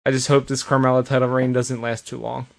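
A man's voice: mid-range voice, little pitch movement, fast talker, gravelly, darkish tone. A man co-hosting a podcast, recapping wrestling shows in casual chat and storytelling with quoted asides and frequent restarts. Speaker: podcast co-host.

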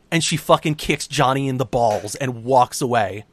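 A man co-hosting a casual podcast, recapping events in an animated, heavily profane way. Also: medium pitch, normal speed. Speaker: podcast co-host recapping wrestling. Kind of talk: casual chat.

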